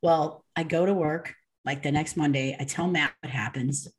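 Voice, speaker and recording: Woman, podcast guest, deep voice, casual storytelling, animated, lots of fillers. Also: moderate pace. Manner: animated, with fillers and reenacted dialogue.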